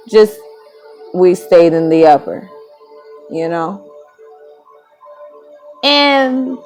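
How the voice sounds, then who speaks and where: A vlogger in her thirties, with a lowish and slightly mellow voice, casually tells a personal story over poor audio. She rambles and corrects herself as she goes, speaking candidly.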